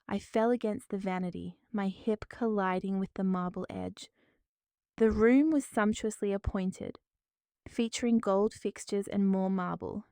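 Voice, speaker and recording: A woman narrating a dramatic first-person story in a measured, formal way. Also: medium pitch, warm tone, smooth, no room sound, clean studio sound.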